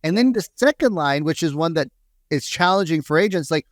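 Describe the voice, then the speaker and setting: A man coaching real estate agents on a podcast, animated, acting out phone calls in quick voices. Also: fairly high pitch, no echo, clean studio sound. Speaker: sales coach, podcast co-host. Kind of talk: energetic coaching talk with acted-out quotes.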